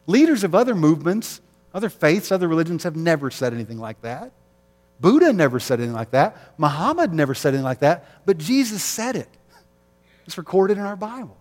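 A man's voice: high-pitched, big pitch swings, brisk, darkish tone, big-room sound. A man preaching an Easter sermon as pastor, conversational, with rhetorical questions and light jokes.

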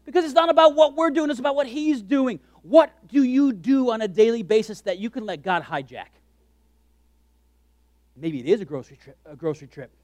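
A pastor with a high voice, close and dry on the mic. He preaches in an animated, joking way and acts out his own inner thoughts as little asides. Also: a little fast, dry recording. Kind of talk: sermon.

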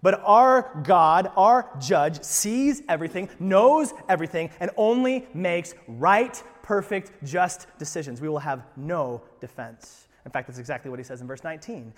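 A man preaching a sermon as pastor, emphatic, moving from quiet lines to loud ones and asking his listeners rhetorical questions. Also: a little high, moderate pace, hardly any pauses, big-room sound. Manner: conversational, asks rhetorical questions.

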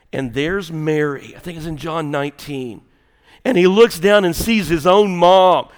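A man preaching a Sunday sermon to his congregation, moving from hushed, near-whispered prayer to shouted climaxes. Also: high-pitched, rough recording. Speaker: pastor. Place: church sanctuary.

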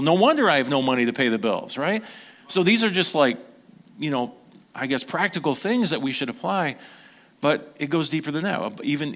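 A man's voice: mid-range voice, creaky, fairly bright tone. A middle-aged man preaching an informal sermon to his congregation, talking conversationally, acting out short quotes and often restarting his sentences. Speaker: pastor.

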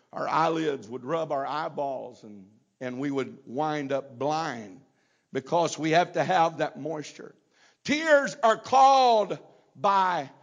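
A middle-aged man preaches in a drawl. His voice sits high for a man, and he takes his time, letting each phrase land before he presses toward louder emphasis. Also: gravelly. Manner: slow, deliberate preaching that builds to loud emphasis. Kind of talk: sermon.

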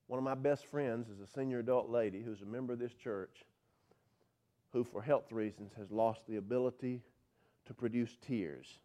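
A male pastor delivering a sermon, swinging from loud, drawn-out emphasis to soft, hushed passages. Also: medium pitch, fairly even intonation. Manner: drawn-out, slowed words for emphasis.

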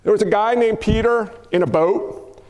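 A pastor with a high-pitched, darkish voice preaches a sermon at normal speed, keeping it casual and conversational as he throws rhetorical questions at the congregation and jokes with them. A long hall reverb from the sanctuary makes his voice ring out.

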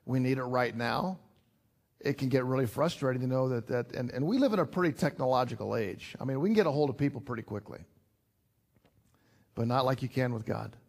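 A man's voice: mid-range voice, expressive, a little fast, vocal fry. Earnest conversational older male preacher. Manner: conversational, earnest, with repetitions and sudden emphatic rises. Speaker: pastor. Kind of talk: sermon.

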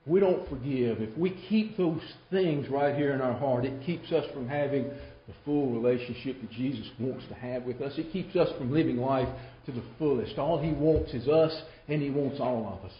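A man's voice: medium pitch, normal speed, hardly any pauses, slight background noise. Man preaching in a roomy hall. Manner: dramatic storytelling, swings between loud and hushed. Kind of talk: sermon. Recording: roomy, dull live sermon recording.

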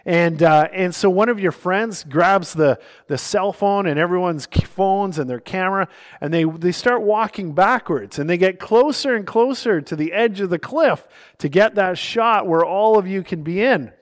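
A male pastor delivers a sermon in a noticeably high voice. He reads scripture passages aloud and moves into illustrative stories. His delivery swings between hushed moments and emphatic stresses. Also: moderate pace.

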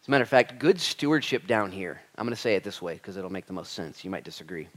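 A man in his thirties, a pastor preaching a Bible study sermon with lively acted-out quotes and humor. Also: sits low, quick pace.

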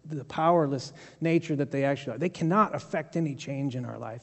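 A man's voice: fairly high pitch, fairly quick, few pauses. A male pastor preaching a sermon in a conversational, storytelling way with humorous asides. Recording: long hall reverb.

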